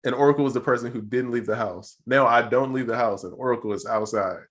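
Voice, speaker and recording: A man co-hosting a podcast in relaxed, slangy casual chat, laughing easily. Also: medium pitch, fast talker. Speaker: podcast co-host.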